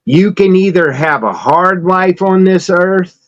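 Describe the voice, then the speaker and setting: A man's voice: high-pitched, measured pace, no room sound, lo-fi sound. A man in casual podcast chat, talking about faith in an emphatic, blunt way. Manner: emphatic preacher-like delivery, blunt and straightforward.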